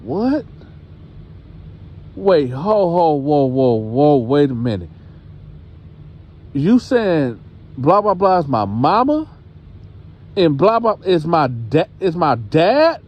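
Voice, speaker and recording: A man's voice: mid-range voice, lively intonation, a little slow, dull audio, natural voice. A man voicing a frightened young daughter who stammers and hesitates. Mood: stunned.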